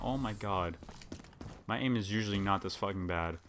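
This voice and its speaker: A man's voice: lowish voice, moderate pace, a little hiss or hum. A man giving frustrated gameplay commentary, raging and swearing through his outbursts. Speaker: gamer. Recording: loud game gunfire over voice. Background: game gunfire and announcer.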